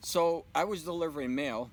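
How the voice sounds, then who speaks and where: Animated male storyteller, faint hiss. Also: on the high side, fairly quick, poor audio. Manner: animated storyteller acting out dialogue. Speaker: interview guest. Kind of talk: storytelling in a casual interview.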